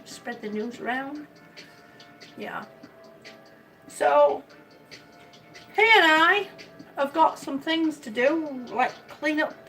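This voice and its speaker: An older woman from Miami with a high voice tells a rambling story in casual chat. Her accent mixes the American South and the Midwest. She sits a little back from the mic, and faint music plays behind her. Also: gravelly, a bit bright, distant mic, poor audio. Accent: mixed American Southern and Midwestern. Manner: chatty storyteller, rambling with restarts. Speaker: vlogger.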